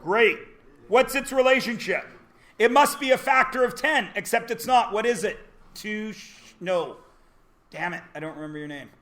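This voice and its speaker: Guy teacher in a classroom, kinda high voice, cracks jokes and fires questions at the kids. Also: expressive, moderate pace, a bit bright. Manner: jokey, quizzes students as he goes. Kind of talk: classroom lecture.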